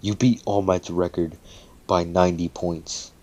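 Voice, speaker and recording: A sleepy, gruff male teacher from a spoken fan story, voiced by a man as he narrates. He sounds dry and matter-of-fact, in a deep, low voice that stays close to the storyteller's own. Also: level tone, a little slow, darkish tone.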